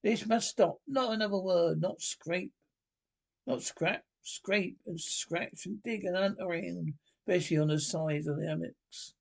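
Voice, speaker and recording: A man puts on a brisk, excitable water rat from a storybook, pitched a little above his own voice, with a gravelly, husky edge. The rat scolds and hurries his friend along in an impatient, energetic way. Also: full character voice.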